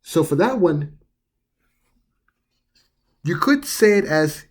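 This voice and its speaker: A channel host giving a slow pronunciation lesson, explaining step by step and repeating each word several times with care. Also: medium pitch, lively intonation. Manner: explains step by step in plain words. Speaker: language teacher.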